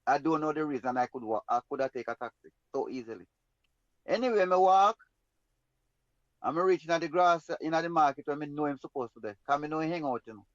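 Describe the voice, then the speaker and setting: High-voiced Jamaican man telling a story. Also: animated, brisk, no room sound, muffled recording. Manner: rambling, emphatic, in patois. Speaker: guest storyteller. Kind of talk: personal story in an interview.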